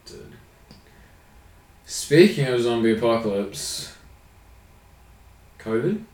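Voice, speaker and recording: A young Australian man cracking dry, sweary jokes in a relaxed podcast chat. He sits at a mid pitch and sounds distant from the mic, with an echoey room around him. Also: slow pace. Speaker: podcast co-host.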